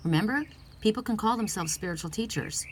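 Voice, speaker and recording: A woman's voice: medium pitch, fairly quick, a little hiss or hum. A middle-aged woman giving an earnest, heartfelt oracle card reading, emphatic and casual.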